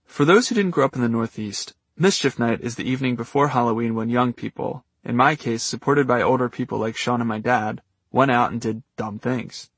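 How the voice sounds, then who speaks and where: A man's voice: medium pitch, fairly quick, a bit bright, husky, dry recording. A man narrating his own memoir as an audiobook, in a wry, dryly humorous manner.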